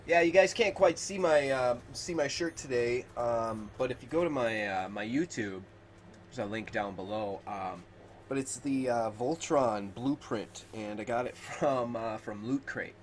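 A man's voice: medium pitch, a little slow, a little hiss or hum. A man streaming a zombie shooter, muttering casual commentary to himself and swearing now and then in a small room. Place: small room he calls a closet.

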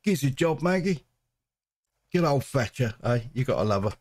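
A man's voice: medium pitch, very animated, moderate pace, a little mellow. A man hosting his own gaming channel, chatting and joking to himself while he plays. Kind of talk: let's play commentary.

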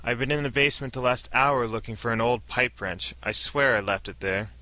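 A man's voice: medium pitch, brisk, bright, forceful tone, no echo, lightly acted. Exasperated small-town druggist, voiced by a male narrator, plaintive and put-upon.

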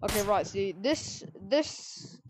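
A woman playing a VR shooter and teaching a newcomer, chatting casually and joking, with sudden loud bursts when the action picks up. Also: mid-range voice, lively intonation, slow, background noise. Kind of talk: casual gameplay chat. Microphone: VR headset. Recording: loud gunfire in the background.

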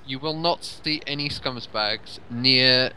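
A man co-commentating on gameplay with excitable, joking banter. His voice is bright and forward. He trades quips freely. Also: medium pitch, slow, smooth. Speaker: co-host.

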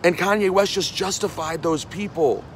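A man's voice: high voice, moderate pace, slight background noise. A man in his forties from New City, a radio host walking down a city street and scolding people in a heated rant, repeating lines for emphasis. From New York City. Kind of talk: angry street rant to camera.

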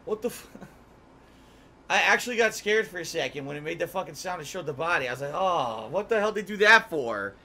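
A man live-streaming a video game, swearing, shouting at jump scares and thanking viewers for donations. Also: on the high side, lively intonation, slight background noise. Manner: profane, quick to yell at scares and thank donors. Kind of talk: live gameplay commentary. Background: game music.

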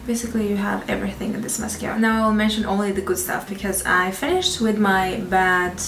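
A woman's voice: medium pitch, a little fast, vocal fry, a bit bright, reverberant, far from the mic, a little hiss or hum. A woman with a French accent reviewing beauty products in a chatty, frank way, laughing between phrases. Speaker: beauty vlogger.

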